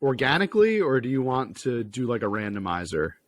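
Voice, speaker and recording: Lively joking male podcast host. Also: medium pitch, brisk. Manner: joking, hesitant, with laughs. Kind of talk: casual game playthrough chat.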